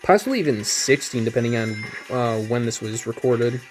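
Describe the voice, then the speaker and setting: A man's voice: mid-range voice, animated, normal speed, over music. Rambling, self-mocking young man. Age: 20s. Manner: rambling, self-deprecating, chuckling. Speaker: YouTuber reacting to his old videos. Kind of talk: casual gaming commentary.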